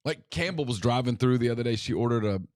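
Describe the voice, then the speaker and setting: A man's voice: mid-range voice, expressive, quick pace, darkish tone, no room sound, clean studio sound. A middle-aged man co-hosting a casual sports talk show, chatty and exasperated with laughing asides. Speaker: co-host.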